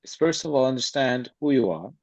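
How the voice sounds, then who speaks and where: A man's voice: mid-range voice, expressive, brisk, darkish tone. Blunt, streetwise man on a podcast. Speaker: podcast guest, acting coach. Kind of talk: casual interview chat. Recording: slightly dull lo-fi sound.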